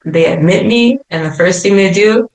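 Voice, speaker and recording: A young adult woman, a podcast guest, telling her story in a casual, animated way and laughing now and then as she talks. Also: mid-range voice, moderate pace. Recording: roomy echo.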